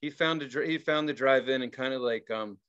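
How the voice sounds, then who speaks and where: A man co-hosting a podcast, telling stories in casual chat, laughing often and yelling out quoted lines. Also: mid-range voice, brisk, clean tone, muffled recording. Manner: animated storyteller, laughs and yells quoted lines. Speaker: podcast co-host.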